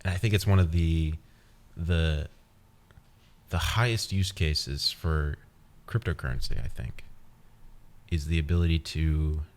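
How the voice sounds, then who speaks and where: Man, very low voice, casual podcast monologue, playful, rambling. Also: darkish tone. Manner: rambling, playful, talks listener through an imagined scene. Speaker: podcast host.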